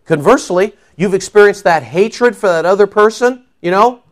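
A male preacher delivering a sermon with a slightly high voice that rises and falls with lively movement. He talks in a conversational, emphatic way, pausing to ask his listeners "okay?" and "see?".

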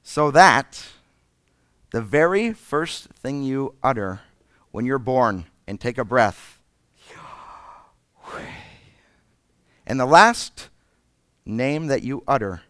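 Expressive male preacher, clear dry voice. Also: mid-range voice, slow, dry recording. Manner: dramatic, swings from loud emphasis to breathy whispers. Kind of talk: sermon.

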